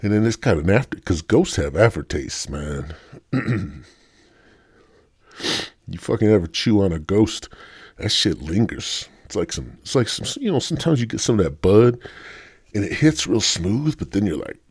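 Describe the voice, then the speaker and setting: Low-voiced, husky man hosting a solo podcast: loose, profane, stoned monologue with an animated delivery and a sore throat. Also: moderate pace, no room sound, clean studio sound. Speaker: podcast host. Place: home studio.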